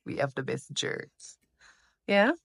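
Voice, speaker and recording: A woman's voice: very deep voice, animated, slow pace, gravelly, slightly rough, dry recording, clean studio sound. A Jamaican woman hosting a family vlog, talking in a chatty, upbeat way and laughing easily. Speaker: vlog host. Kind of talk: casual vlog narration.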